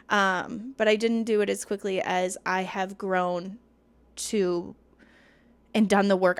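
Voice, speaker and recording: A woman in her thirties hosts a solo podcast, speaking candidly about personal matters. Her voice sits at an ordinary middle pitch, and she draws out words she wants to land. The sound is close and dry, with no room around it. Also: no room sound. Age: 30s. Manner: candid, confiding, sometimes drawn-out emphasis. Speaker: podcast host.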